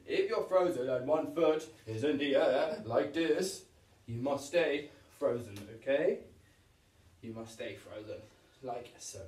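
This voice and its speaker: A man's voice: mid-range voice, a little mellow. A male PE teacher leading a home exercise lesson for young children, upbeat and encouraging as he demonstrates each move. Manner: upbeat, encouraging, demonstrating moves while talking. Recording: roomy echo, voice from a distance.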